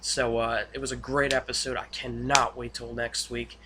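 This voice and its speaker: A man giving a casual, rambling spoken recap of a TV episode, full of fillers and excited asides. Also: medium pitch, normal speed, noisy background. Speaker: TV episode reviewer.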